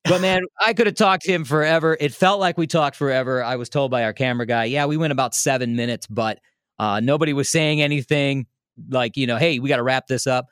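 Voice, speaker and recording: A man telling a story in a casual, animated way, laughing often and restarting his sentences. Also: medium pitch, a little fast, clear, resonant tone, dry recording, studio quality. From Milwaukee area, United States. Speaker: radio host telling a story as a podcast guest.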